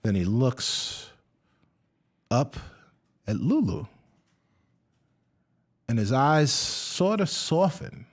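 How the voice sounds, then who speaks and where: Male dungeon master, unhurried narration, very lively pitch, frequent fillers. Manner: relaxed narration with many fillers. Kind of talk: narrating a tabletop game.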